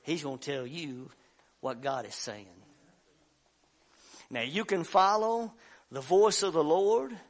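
Pastor preaching in a church, voice sits high, acts out the story voices, climbs to shouting. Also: male voice, slow pace, pauses often. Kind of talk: sermon. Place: church sanctuary.

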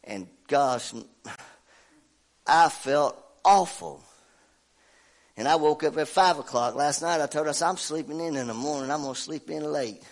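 Folksy preacher with a stuffy voice. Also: male voice, a little high, unhurried, pauses often. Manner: folksy, animated, laughs at himself. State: congested from a cold. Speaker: pastor. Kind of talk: sermon with personal story.

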